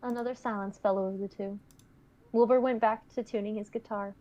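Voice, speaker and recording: A young woman reading a fan story aloud on a stream, steady in narration and playful in chat. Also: medium pitch, a little fast, muffled recording. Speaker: guest co-reader.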